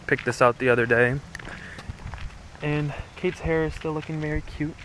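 A man's voice: medium pitch, normal speed. A young man chatting casually and jokingly to his camera while out walking. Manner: playful, jokey, chatty. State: a bit out of breath at times. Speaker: vlogger. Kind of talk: casual vlog chat. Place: outdoors on a hike and on city streets. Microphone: handheld camera. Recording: outdoor street noise and traffic.

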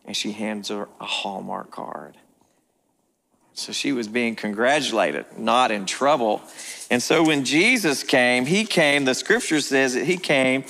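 Pastor, male, mid-pitched voice, folksy sermon delivery with rhetorical questions. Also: creaky, a bit bright, slight background noise. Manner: conversational storytelling, rhetorical questions.

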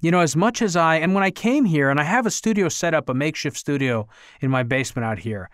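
A man's voice: fairly high pitch, animated, quick pace, a bit bright, dry recording. A man hosting a podcast from a makeshift basement home studio, talking in a candid, emphatic, conversational way. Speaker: podcast host. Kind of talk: casual conversation.

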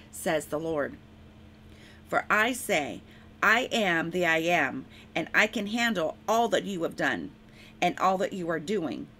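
A woman reads a prophetic message aloud, slowly and earnestly, unhurried over each phrase. She pauses now and then to correct herself, then presses on. Faint noise stays in the background. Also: lowish voice, a bit bright. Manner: slow, earnest reading with frequent self-corrections. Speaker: prophetic word reader. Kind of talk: reading a prophetic word aloud.

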